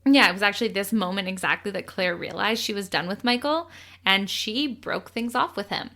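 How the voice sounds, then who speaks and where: A young woman co-hosting a casual true crime podcast, chatty and quick to laugh, swearing casually as she tells the story. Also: mid-range voice, pushed and bright.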